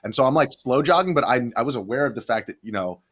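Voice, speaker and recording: A man's voice: medium pitch, animated, fast, a bit bright. A young adult man, a video journalist, rambling through a story in a casual podcast interview, full of restarts and fillers.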